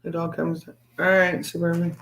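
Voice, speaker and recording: A high-pitched man chatting casually as host of a live stream. He talks in an excitable, rambling way, tripping over his words and restarting his sentences. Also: moderate pace, creaky, a little hiss or hum. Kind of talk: casual chat.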